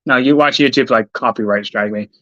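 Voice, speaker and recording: A man's voice: mid-range voice, brisk, fairly bright tone, dry recording. Male streamer, rambling and profane, irritable mutter, dull lo-fi sound, dry with no room. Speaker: livestreamer. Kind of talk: rambling casual stream talk.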